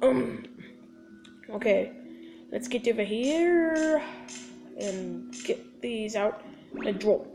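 A woman's voice: fairly high pitch, expressive, drawn-out words, vocal fry, pauses often, music in the background. A woman casually commenting on her gameplay, chatty and talking straight to her viewers with little sound-effect words. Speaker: gaming video host.

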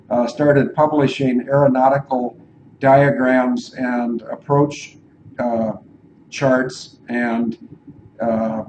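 A man hosts a casual talk show at an average pitch, wandering from point to point and thinking out loud between fillers. A faint hiss sits under his voice. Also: poor audio. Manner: rambling, digressive, thinks aloud. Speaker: show host.

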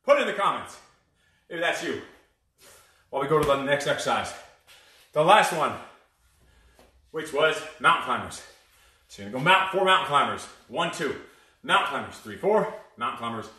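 A profane, high-energy boxing coach drills his viewers through counts and combos in a bright, lively voice that jumps all over. He sounds a little away from the mic in a roomy, echoey space. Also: far from the mic. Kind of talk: live-streamed workout coaching.

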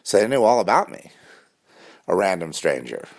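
A man's voice: deep voice, big pitch swings, moderate pace, gravelly. A man talking intensely in a rambling spiritual monologue, full of restarts and fillers.

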